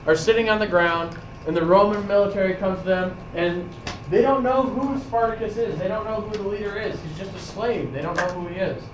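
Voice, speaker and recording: A man's voice: sits high, slight background noise. A man teaching a history class, telling a story to his students with frequent restarts. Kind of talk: classroom lecture. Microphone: far camera. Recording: echoey classroom from far off.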